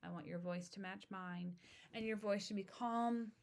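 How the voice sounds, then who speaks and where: A woman in her thirties hosting an educational podcast, speaking in a calm, steady, instructive way. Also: medium pitch, normal speed, vocal fry. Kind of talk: informational podcast monologue.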